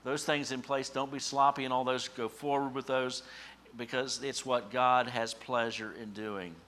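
A man preaching a sermon as pastor, swinging from hushed, slow scripture lines to loud emphatic peaks. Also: medium pitch, flat delivery. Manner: emphatic, with dramatic swells and hushed drops; slows down for scripture quotes.

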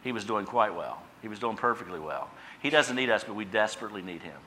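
A man preaching a sermon as pastor, swinging from quiet asides to loud emphatic bursts. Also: fairly low pitch, lively intonation, fast, few pauses.

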